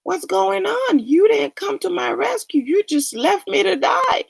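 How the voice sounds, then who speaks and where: A woman's voice: mid-range voice, very animated, measured pace, slightly rough, dry recording, heavily acted. Give me a wandering desert man wishing aloud, as a woman tells his story. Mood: frightened. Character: hungry desert wanderer man, wishful then fearful.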